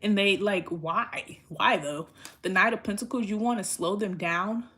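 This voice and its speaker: A woman's voice: mid-range voice, fairly quick, sharp tone. A woman giving a casual tarot reading in a blunt, rambling way, swearing freely. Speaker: tarot reader.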